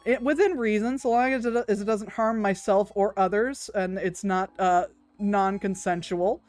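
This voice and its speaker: A woman's voice: medium pitch, fairly even intonation, moderate pace, a little mellow, no room sound. A woman, chatting casually with her stream viewers, laughing often, swearing freely and cooing over cute things.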